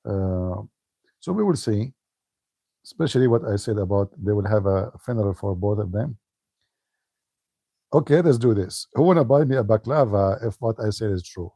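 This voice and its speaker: A man's voice: fairly low pitch, lively intonation, moderate pace, pauses often, dark tone, no room sound. A man giving a casual livestream talk as an online commentator, joking and laughing often.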